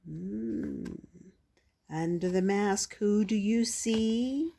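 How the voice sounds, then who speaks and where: Very slow older woman reading a picture book. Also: steady tone, gravelly. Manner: plays animal sounds in a higher, louder voice, with soft laughs. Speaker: grandmother reading to children. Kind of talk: children's picture-book read-aloud.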